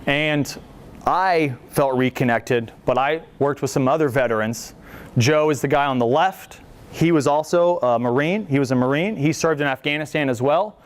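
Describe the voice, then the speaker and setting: A man in his thirties, a veteran speaker at a library talk, tells a casual, joking story to an audience and acts out the quotes. His voice is mid-range and clean in tone in this storytelling presentation.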